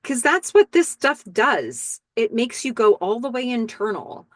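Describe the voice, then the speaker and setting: A woman's voice: on the high side, big pitch swings, unhurried, no echo. A woman hosting a podcast, recapping a TV episode in casual talk and quoting the characters in her own voice. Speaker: podcast host.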